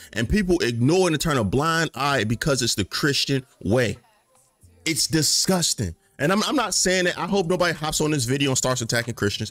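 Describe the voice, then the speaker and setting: A man in his late twenties or thirties giving a passionate casual commentary rant, full of slang, his voice climbing high in outrage and then dropping to a low mutter. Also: fairly bright tone, dry recording. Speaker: commentary vlogger.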